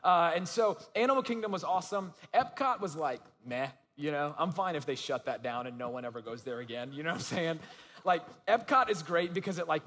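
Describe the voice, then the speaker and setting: A young man with a high voice preaches in a relaxed, chatty way, dropping "you know" asides into his story. His voice carries a long reverb from the large hall around him. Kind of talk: casual sermon.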